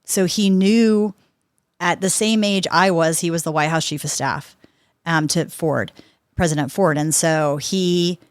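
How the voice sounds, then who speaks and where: A woman in her fifties, a guest on a podcast, telling lively anecdotes and acting out what people said. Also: lowish voice, measured pace, no room sound, clean studio sound. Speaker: podcast guest, sports executive. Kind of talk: conversational interview storytelling.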